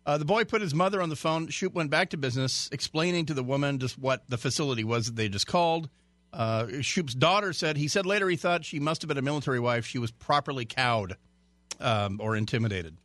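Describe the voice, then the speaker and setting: A man's voice: medium pitch, a little fast, a bit bright, no room sound. A man guest-hosting a radio talk show, reading a news story in a chatty way with stumbles and jokey asides. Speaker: radio fill-in host.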